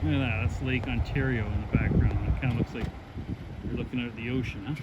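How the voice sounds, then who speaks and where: A man's voice: medium pitch, fairly even intonation, fast, dull audio. A man giving a rambling, easygoing tour narration by a lakeside harbor. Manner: rambling, easygoing, chatty asides. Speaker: travel and fishing vlogger. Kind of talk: casual walking-tour narration. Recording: outdoor background noise.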